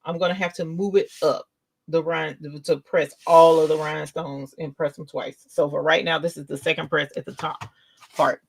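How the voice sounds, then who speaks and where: An older woman, a grandmother, hosting a casual live craft stream and telling an animated, chatty story while demonstrating. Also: low voice, normal speed, vocal fry, slightly rough, poor audio.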